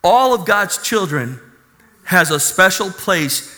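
A man's voice: high voice, animated, takes it slowly, bright, forceful tone. A man preaching a fervent sermon and telling his testimony, calling out hallelujah. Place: church hall. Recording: echoey hall.

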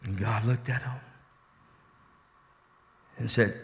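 A man preaching a sermon as a pastor, animated and questioning the congregation. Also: medium pitch, takes it slowly, pauses often. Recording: reverberant hall.

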